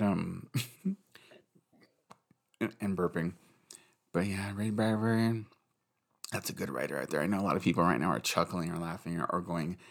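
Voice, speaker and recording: A man's voice: low-pitched, gravelly. A man chatting casually and rambling about books late at night, swearing and laughing at himself. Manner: rambling, profane, giggly. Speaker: book vlogger.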